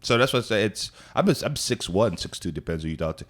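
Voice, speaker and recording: A man in his forties, a comedian guest, chatting casually and acting out quotes in animated stories. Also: fairly low pitch, quick pace. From Nigeria. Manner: animated storytelling with acted-out quotes and profanity. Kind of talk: casual podcast chat.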